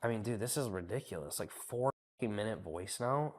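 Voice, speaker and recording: A man's voice: fairly low pitch, animated, a little fast. A man giving a casual business coaching session, blunt and profane as he critiques a client's work.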